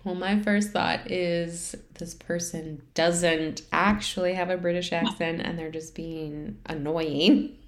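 A woman's voice: lowish voice, steady tone, slow. A woman co-hosting a casual podcast chat, wry and laughing often. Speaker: podcast co-host.

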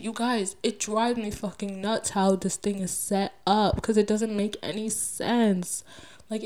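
A young woman hosting her own podcast, ranting casually and with exasperation, swearing freely as she jumps between loud outbursts and mumbled asides. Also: medium pitch. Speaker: podcast host. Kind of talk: casual solo podcast rant. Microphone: podcast microphone.

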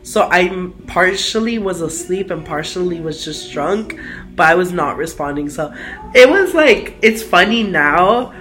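A man's voice: sits high, expressive, a little slow, sharp tone. Young man telling stories, slangy. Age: young adult. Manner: slangy, swears, fills with "like" and "dude". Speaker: podcast guest. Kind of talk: casual storytelling. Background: faint music.

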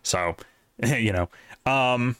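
A man rambles through a casual podcast chat about a video game, full of fillers and restarts. His voice sits at a middle pitch and sounds dry and close, with little room around it. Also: drawn-out words, fairly bright tone, clean tone, dry recording. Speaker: podcast co-host.

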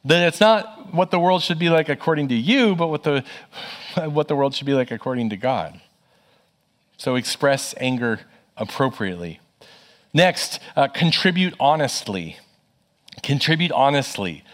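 A man's voice: mid-range voice, animated, normal speed. A middle-aged man, a pastor, preaching a sermon in an earnest, conversational way, telling personal stories and repeating phrases for emphasis.

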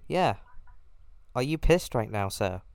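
A man's voice: medium pitch, big pitch swings, slow pace, noisy background. A man making a prank phone call, trading childish taunts and insults. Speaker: prank caller.

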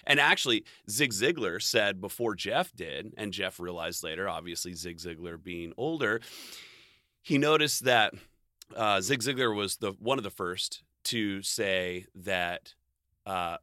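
A man's voice: lowish voice, animated, measured pace, sharp tone, dry recording, clean studio sound. A man giving a casual, rambling motivational monologue, swearing freely, laughing often and cutting himself off mid-thought. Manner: profane, rambling, self-interrupting, laughs often. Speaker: vlogger.

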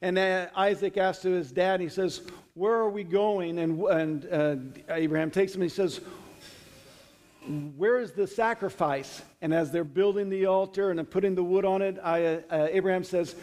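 A man's voice: high voice, steady tone, brisk, hardly any pauses, darkish tone, big-room sound. A man teaching a sermon, retelling scripture in an earnest, conversational way with frequent restarts. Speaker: Bible teacher.

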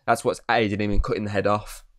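Casual male podcast host, low-pitched, swearing, rambly recap, dry sound. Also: flat delivery, fairly quick, dry recording. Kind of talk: casual film review chat. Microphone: podcast mic.

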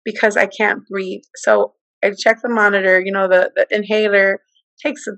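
Woman, middle-aged, casual storytelling, lively quoted voices, mid pitch, dry close mic. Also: normal speed, creaky, dry recording, rough recording. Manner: animated, acts out quoted speech with big pitch jumps. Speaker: guest telling her testimony.

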